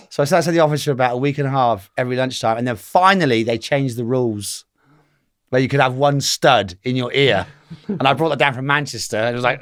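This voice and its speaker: A man's voice: medium pitch, animated, fast, a bit bright, dry recording, studio quality. A man in his fifties from England, telling stories as a guest in a casual interview, rambling and acting out the voices of the people he quotes. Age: 50s.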